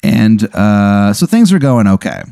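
A man's voice: lowish voice, very animated, unhurried, creaky, warm tone, no echo. A man hosting a comedy podcast, improvising a rambling second-person story and swearing casually. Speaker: podcast host.

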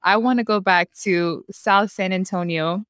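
A woman from California hosts a relaxed interview with upbeat, slangy warmth toward her guest. Her voice is smooth and clear at a medium pitch, and the sound is dry with no room echo. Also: a little slow. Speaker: podcast host. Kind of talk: casual conversational interview.

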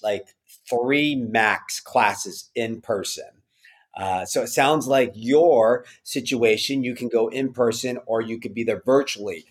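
A man hosting a podcast, asking his guest long, conversational questions in several parts. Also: mid-range voice. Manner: conversational, asks long multi-part questions. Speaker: podcast host. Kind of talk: interviewing a guest.

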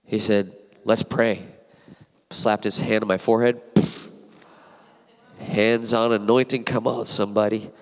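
A man in his forties preaching a heartfelt sermon as a guest preacher, animated and emotional, with asides to the congregation. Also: lowish voice, unhurried. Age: 40s. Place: church sanctuary. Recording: long church hall reverb.

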